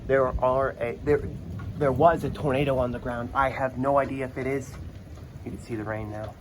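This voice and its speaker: A man, talking in a casual vlog style, awed and nervous as he films a thunderstorm outdoors. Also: mid-range voice. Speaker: vlogger filming a storm. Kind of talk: casual handheld vlog narration. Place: outdoors during a thunderstorm with rain. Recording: outdoor phone audio, steady storm noise.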